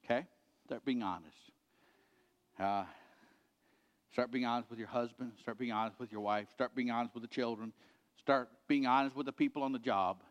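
A middle-aged man preaching a sermon as a pastor, earnestly repeating his points and letting them sink to a quiet finish. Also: mid-range voice, fairly even intonation, normal speed, pauses often, dull audio. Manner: earnest, repetitive exhortation, dropping quiet at ends of points. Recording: reverberant hall.

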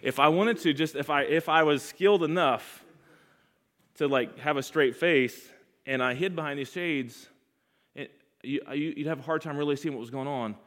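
A man preaching a sermon, leading his congregation in call-and-response with emphatic repetition, swinging between loud, raised passages and hushed, low ones. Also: normal speed. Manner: sweeping pitch and loudness swings between loud highs and hushed lows.

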